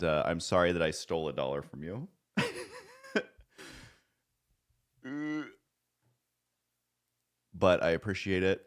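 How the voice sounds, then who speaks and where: A man streaming live, chatting casually and rambling, joking at his own expense and swearing now and then. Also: low-pitched.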